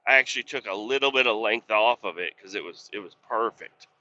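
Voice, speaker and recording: Man, profane storyteller, exasperated, very bright tone, mid pitch, dull lo-fi sound. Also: fairly quick, slight background noise. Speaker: podcast host. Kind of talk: casual storytelling.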